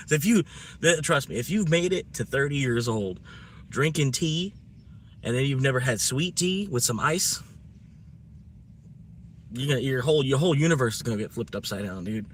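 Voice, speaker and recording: A man's voice: mid-range voice, lively intonation, unhurried, long pauses, slight background noise. A man chatting casually on a live stream, rambling in a laid-back way.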